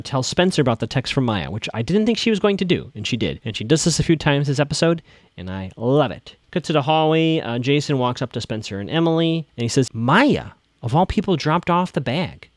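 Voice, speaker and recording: A man's voice: mid-range voice, no room sound, studio quality. A man hosting a podcast, casually recapping a TV episode, quoting lines and laying out his theories. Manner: chatty, theorizing, quotes lines in a flat voice.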